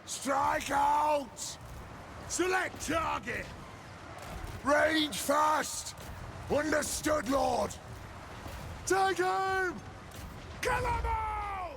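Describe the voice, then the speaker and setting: A man voicing gruff, battle-hardened male dwarf soldiers who shout war cries in a video game. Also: very high-pitched, lively intonation, extremely slow, pauses often, heavily acted. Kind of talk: video game unit barks. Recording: loud battle noise behind.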